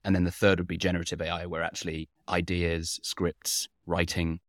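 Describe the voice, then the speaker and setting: A man's voice: low-pitched, flat delivery, normal speed, no echo, clean studio sound. A man, a company founder, answering interview questions at length, laying out his points in order with frequent fillers. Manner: methodical, lays points out in numbered order; frequent "uh" and "you know" fillers.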